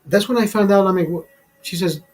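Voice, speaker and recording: Profane rambling man with a husky voice. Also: high-pitched, a little fast, soft background music, rough recording. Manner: profane, rambling, with frequent fillers and restarts. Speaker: show host telling a story. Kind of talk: casual live-stream storytelling. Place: studio.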